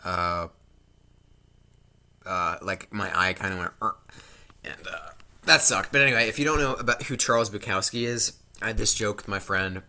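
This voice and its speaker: A man with a low-pitched but very bright, edgy voice rambles through a casual home vlog. He cuts himself off mid-thought and tosses in jokey asides. The sound comes from a laptop's built-in mic. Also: moderate pace. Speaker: vlogger.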